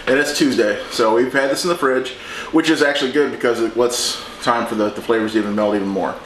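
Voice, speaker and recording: A man hosting a home cooking show, talking through a recipe in a relaxed, chatty way as he works in his kitchen. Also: medium pitch, fast, a little hiss or hum. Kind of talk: casual cooking demonstration. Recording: echoey kitchen with clattering dishes.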